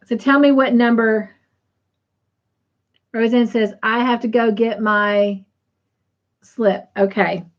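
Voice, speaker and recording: Woman, livestream host, chatty and unhurried, slightly high voice, dull lo-fi stream audio. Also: steady tone. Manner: chatty, says "y'all", reads comments aloud. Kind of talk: casual livestream chat, reading viewer comments.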